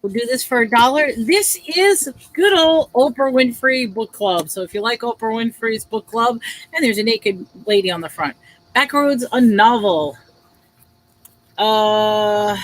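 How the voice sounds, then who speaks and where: A woman's voice: on the high side, measured pace, low-quality recording. Chatty woman hosting a live book sale. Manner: chatty, reads blurbs aloud dramatically, laughs often. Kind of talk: casual live-stream selling.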